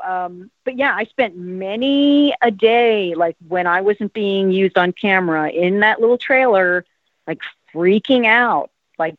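A woman's voice: medium pitch, measured pace, no echo. A woman in her fifties from South Jersey, an actress talking in a casual interview, rambling with lots of "like" and "um". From South Jersey, USA. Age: 50s. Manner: rambling, many "like" and "um" fillers. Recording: tinny, phone-like, dry sound.

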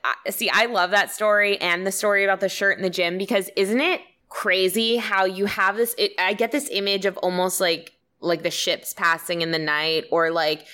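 A woman's voice: medium pitch, fairly even intonation, normal speed, few pauses, sharp tone. A woman co-hosting a podcast, musing aloud in casual chat with many restarts. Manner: reflective, musing, full of "like" and restarts. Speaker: podcast co-host.

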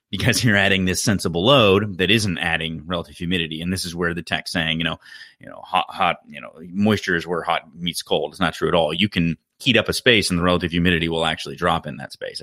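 A very low, forceful male voice delivers a practical HVAC explanation, often pausing to correct his own wording. The sound is dry and close, with no room echo. He talks like a contractor sharing field experience on a podcast. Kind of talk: podcast technical talk.

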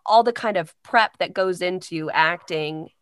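A woman's voice: lowish voice, unhurried, clean tone, no room sound. Chatty young woman, dry close sound. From Indiana, United States. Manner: chatty, many fillers like "like" and "you know". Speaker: voice-over artist guest. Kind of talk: casual interview conversation.

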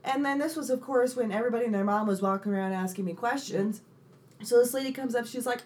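A young woman co-hosting a casual chat, telling animated stories, swearing freely and acting out the people she quotes. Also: fairly high pitch, fast talker. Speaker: podcast co-host.

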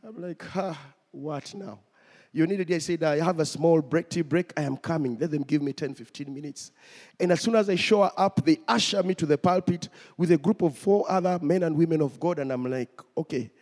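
Male preacher, high voice, storytelling testimony, long church-hall reverb. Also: brisk, a little mellow. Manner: storytelling, speaks to the congregation directly. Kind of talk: sermon testimony.

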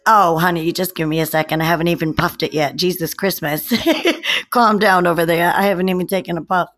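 A young woman hosting a casual livestream from home, greeting viewers by name with slow, drawn-out, giggly chatter into her phone. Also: on the low side, fairly even intonation, fairly bright tone. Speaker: livestream host.

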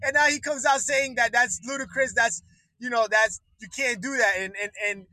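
A man with a very high, piercing voice rants on his own livestream, swearing freely and laughing between his jabs. The sound is close and completely dry, with no room around it. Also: steady tone, moderate pace, sharp tone, no room sound, low-quality recording. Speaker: livestream host. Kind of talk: profane political rant.

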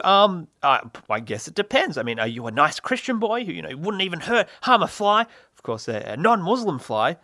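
A man's voice: a little high, very animated, moderate pace, pushed and bright, no room sound, studio quality. A young man hosting a solo comedy podcast, rambling and self-mocking with lots of fillers and laughs. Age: young adult. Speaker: podcast host.

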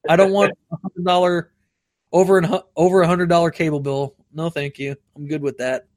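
A man's voice: on the high side, little pitch movement, brisk, a little mellow, no room sound, clean studio sound. A man chatting casually to his viewers, rambling and swearing, laughing at his own stories and acting out phone calls in raised voices. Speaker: streamer reading chat. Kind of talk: casual livestream chat.

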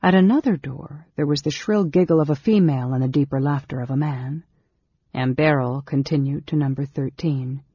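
An audiobook narrator reading a novel aloud in a measured, steady way, with a husky voice. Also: mid-range voice, dry recording. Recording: dull, dry lo-fi recording.

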